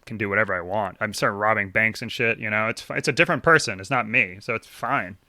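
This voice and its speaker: A man's voice: lowish voice, fast talker, pushed and bright, no room sound. A man co-hosting a casual book club podcast, laid-back and swearing freely, acting out scenes as he retells them. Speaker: podcast co-host.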